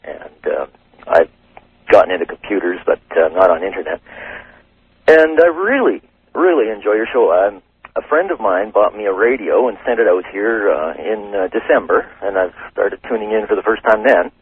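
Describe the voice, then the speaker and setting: Husky Canadian caller on a phone line. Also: male voice, on the low side, lively intonation, normal speed, no echo. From British Columbia, Canada. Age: middle-aged. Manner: chatty, rambling, laughs easily. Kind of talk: phone-in chat. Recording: tinny phone line over radio.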